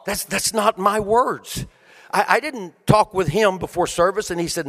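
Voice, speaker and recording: A man preaching a sermon to a congregation, with a sing-song cadence, rising to shouts and dropping to hushed, quiet lines. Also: sits high, unhurried, in a large hall. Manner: swings from shouted peaks to hushed quiet delivery.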